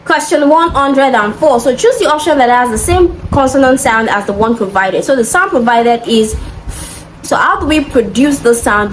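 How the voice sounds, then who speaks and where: A fairly high-voiced woman walks students through exam answers step by step. She is patient and methodical, often stopping to check that they follow. A faint hiss of noise sits under her voice. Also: low-quality recording. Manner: patient, methodical teaching with frequent "okay?" checks. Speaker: English exam tutor.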